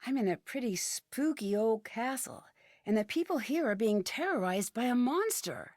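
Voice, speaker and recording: An actress voicing a calm, curious young woman detective in a video game, speaking in a level-headed, earnest way. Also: fairly high pitch, normal speed, no room sound, studio quality, faint music behind, natural voice. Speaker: game protagonist.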